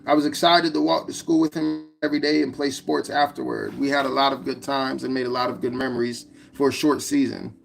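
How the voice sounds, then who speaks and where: A man narrating his own memoir as an audiobook, in a plain, steady reading. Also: medium pitch, fairly quick, creaky, hardly any pauses, over music. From United States.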